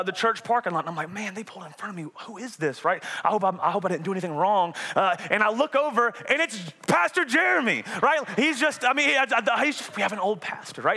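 This is a high-pitched man in his twenties from North Carolina, judging by his accent. He's a youth pastor whose sermon is lively and conversational, peppered with the question "right?"

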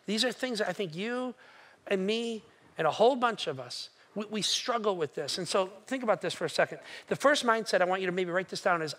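A man preaching a sermon, telling stories with animated energy and rising to near shouting. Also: sits high, fairly quick. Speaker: pastor.

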